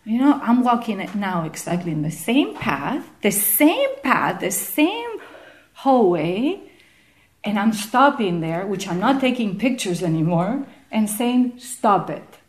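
A woman telling a group about her experiences, animated and searching for words, sometimes out of breath. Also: mid-range voice, a little slow. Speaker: participant sharing experience. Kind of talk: spontaneous personal account.

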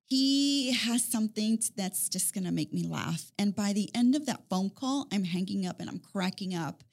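A woman's voice: mid-range voice, animated, moderate pace, creaky. A woman in casual conversation, talking in long rambling runs with repeated words and frequent laughter. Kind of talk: casual chat.

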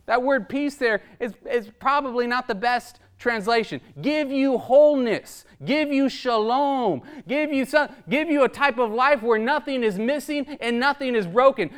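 A man's voice: very high-pitched, unhurried, few pauses, clear, resonant tone. A man preaching a sermon in an emphatic, rhetorical style, often tagging his points with "right?" and chuckling between them.

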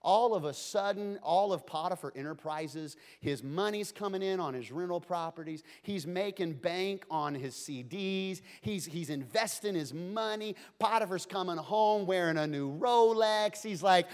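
A man's voice: high voice, measured pace, few pauses. A man preaching a sermon in a conversational, joking style that swings between playful asides and earnest points. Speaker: pastor.

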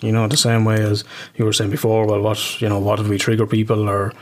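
A man's voice: lowish voice, completely flat delivery, fast talker, noisy background. A middle-aged Irish man co-hosting a casual podcast, talking over a remote call, rambling, swearing often and laughing a lot. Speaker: podcast co-host.

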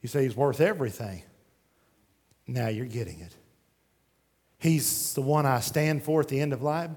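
A man preaching a sermon, swinging from shouted pleas to hushed intensity and reading scripture aloud in old-fashioned phrasing. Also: medium pitch, normal speed. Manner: reads scripture aloud in King James phrasing.

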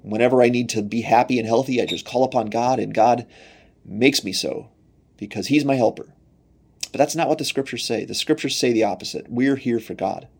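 A man preaching a sermon earnestly, asking repeated rhetorical questions and rising in pitch when voicing God's words. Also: brisk, gravelly, darkish tone, slightly rough. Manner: earnest, repetitive rhetorical questions, rises when quoting God.

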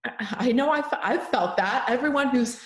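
A young woman hosting a live stream, talking with a warm, tender softness. She lingers over the lines of poems she reads aloud. Her voice carries in a roomy, echoing space. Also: high-pitched, moderate pace. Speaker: host. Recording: echoey room.

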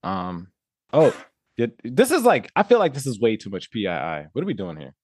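A man's voice: on the low side, huge pitch swings, a little fast, a little mellow, slightly rough, no room sound, clean studio sound. A man co-hosting a casual podcast chat, talking loosely, joking and swearing freely. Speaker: podcast co-host.

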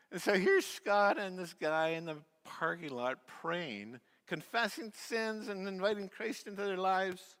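A man preaching a sermon as pastor, telling a story with many fillers and restarts, and dropping to a soft, quiet voice at key points. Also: sits high, expressive, moderate pace. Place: church sanctuary. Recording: long reverb of a church hall.

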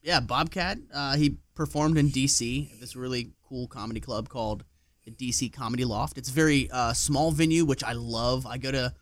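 A man co-hosting a podcast tells stories in casual chat, animated and swearing freely. His voice is mid-range at a normal speed, with no echo.

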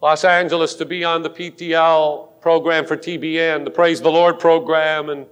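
A pastor making an urgent, pleading altar call during a sermon in a large church sanctuary. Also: male voice, on the high side, level tone, moderate pace, fairly bright tone, smooth. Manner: pleading and urgent, rising to fervent force. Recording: long hall reverb of a church.

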